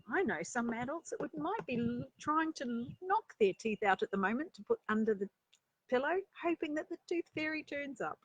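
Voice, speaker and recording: A woman reading a children's story aloud, breaking off for chatty asides and rhetorical questions to her listeners, with a breathy voice. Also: sits high, animated, normal speed, no room sound, muffled recording. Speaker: storyteller and life coach.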